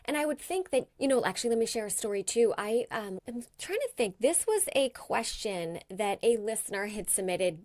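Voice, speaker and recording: Woman podcast host, kinda high voice, thinks out loud, sums up what the guest said. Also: animated, moderate pace, hardly any pauses. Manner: reflective, thinks aloud, paraphrases the guest. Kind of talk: conversational interview.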